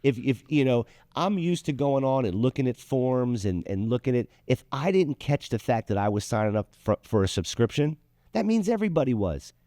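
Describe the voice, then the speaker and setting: Man host ranting hard, dark tone, dry close sound. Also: medium pitch, animated, moderate pace, no echo. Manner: heated, profane storytelling. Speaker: show host. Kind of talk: casual comedic talk show rant.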